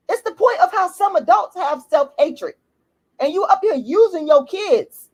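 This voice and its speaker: An American YouTube commentator with an African American English accent rants to camera, blunt, profane, heated and repetitive, making an emphatic personal point. Her voice is extremely high with big pitch swings and a fairly bright tone, at a moderate pace.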